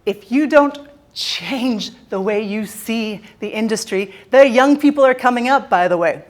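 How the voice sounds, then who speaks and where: Keynote speaker: Canadian woman, slightly high voice, playful, teases the crowd. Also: a little slow. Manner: playful, jokey, teasing the audience. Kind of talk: motivational stage talk. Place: conference stage.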